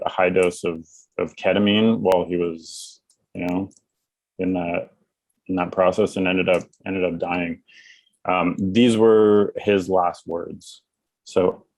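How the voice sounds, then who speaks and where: Male guest, very low and flat, careful delivery. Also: no room sound, rough recording. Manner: measured, searching for words. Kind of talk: podcast discussion.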